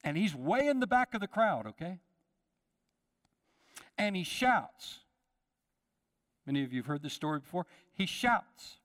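A man's voice: sits high, big pitch swings, a little slow, pauses often, a bit bright. A man preaching a sermon to his congregation, calling out to them and acting out the voices in the story. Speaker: pastor. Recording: long hall reverb.

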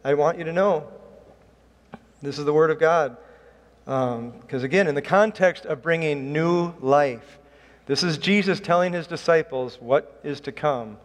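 A middle-aged male pastor delivers a sermon with earnest, emphatic conviction. His voice sits a little high for a man and climbs sharply when he stresses a point. The sound carries a long reverb, as if in a large church hall. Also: a little slow. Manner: earnest, emphatic preaching with rising bursts.

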